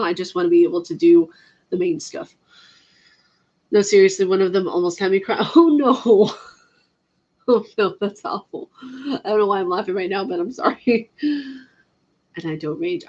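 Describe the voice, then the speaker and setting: A woman's voice: medium pitch, darkish tone, highs cut off. A woman chatting casually on a live stream about video games, laughing often and answering her chat. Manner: chatty, giggly, reads chat aloud.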